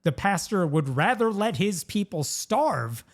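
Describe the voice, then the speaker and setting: A man's voice: high voice, big pitch swings, measured pace. A man hosting a podcast, telling a news story in casual, conversational chat. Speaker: podcast host.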